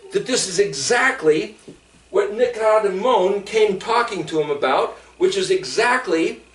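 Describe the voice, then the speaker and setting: Animated high-voiced man teaching scripture. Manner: rises to high excited pitch on questions. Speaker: Bible teacher. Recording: roomy sound from far off.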